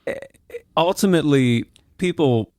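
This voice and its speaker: A man's voice: fairly high pitch, lively intonation, unhurried, mellow, dry recording, studio quality. A man hosting a podcast, talking things through in a thoughtful way and restarting now and then. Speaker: podcast host. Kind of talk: casual chat.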